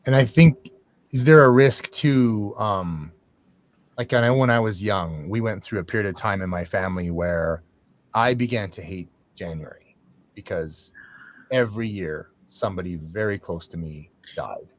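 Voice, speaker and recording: A man's voice: fairly low pitch, normal speed. A man hosting a talk, sharing a long personal story in a reflective, rambling way. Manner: reflective, rambling, with restarts and fillers. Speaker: host. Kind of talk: conversational talk show discussion.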